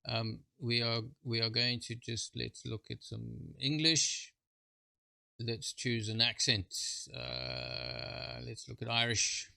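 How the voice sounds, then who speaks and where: Creaky, halting man walking through software. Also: mid-range voice, animated, no echo. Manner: halting, full of fillers and restarts; chuckling, informal asides. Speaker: presenter. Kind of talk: screen-share software walkthrough.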